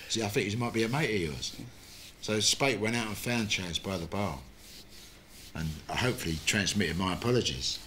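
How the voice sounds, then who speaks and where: A musician being interviewed, talking in a cheeky, blunt way and swearing freely. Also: male voice, fairly low pitch, moderate pace, pushed and bright, a little hiss or hum. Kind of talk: reflective interview talk. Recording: music playing underneath.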